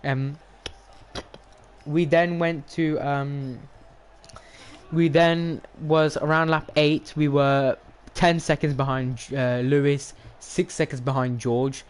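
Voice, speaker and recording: A young man, commentating his racing game on a live stream, excitable and rambling as he talks to chat. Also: fairly high pitch, slow pace, clear, resonant tone.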